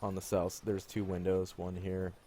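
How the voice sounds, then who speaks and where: A man's voice: low-pitched, level tone, normal speed, warm tone. A man acting as game master, casually describing scenes while sorting out audio trouble on a voice call. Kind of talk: running an online tabletop game.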